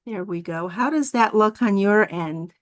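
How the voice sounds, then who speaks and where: A woman's voice: mid-range voice, unhurried. A woman guest minister giving a sermon over a video call, with friendly asides and a storytelling manner. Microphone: video call mic.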